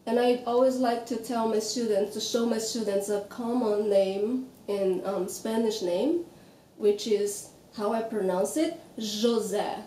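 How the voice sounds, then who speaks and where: A woman with a Brazilian accent teaching Portuguese pronunciation, patiently sounding out words slowly. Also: fairly high pitch, warm tone, reverberant, recorded from a distance, slight background noise, rough recording. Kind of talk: explaining pronunciation.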